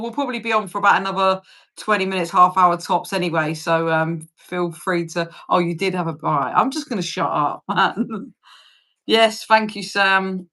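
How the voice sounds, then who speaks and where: A woman's voice: mid-range voice, pushed and bright. Chatty British woman in her forties. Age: 40s. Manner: chatty, laughs often, swears casually. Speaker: livestream host. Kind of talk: casual livestream chat.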